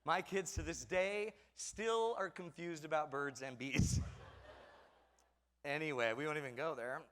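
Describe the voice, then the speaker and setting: His voice on the high side and a bit bright, this middle-aged man talks a little slowly in a large hall. He's a parenting speaker giving a comedic talk, self-mocking as he plays out moments from family life for the audience.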